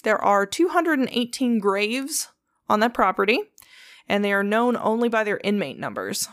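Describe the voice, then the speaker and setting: A woman's voice: medium pitch, very animated, normal speed, no echo. A woman hosting a podcast, retelling a story in a loose, casual way. She swears freely and acts out the lines of the people in it. The sound is dry and close, with no room around her. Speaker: podcast host.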